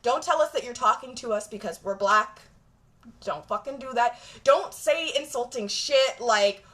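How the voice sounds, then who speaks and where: A woman's voice: on the high side, lively intonation, unhurried, a bit bright. A woman vlogger talking straight to camera in a blunt, profane, emphatic rant. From Jamaica.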